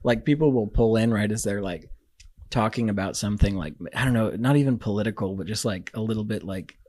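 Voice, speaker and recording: Low-voiced wry man, dry close sound. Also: brisk, dry recording. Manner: relaxed, wry, trails off in loose asides. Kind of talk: casual chat.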